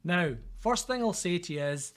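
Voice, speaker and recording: A man's voice: high voice, expressive, normal speed, fairly bright tone. A middle-aged man with a Scottish accent giving a recorded university lecture in a chatty, informal way, often checking in with "okay?" and "guys".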